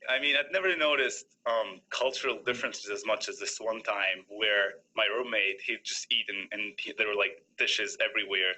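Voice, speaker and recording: A man's voice: lowish voice, normal speed, hardly any pauses, pushed and bright, low-quality recording. A young man in his early twenties from Albania, a university student telling a casual personal story with many fillers. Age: around 20. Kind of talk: personal anecdote.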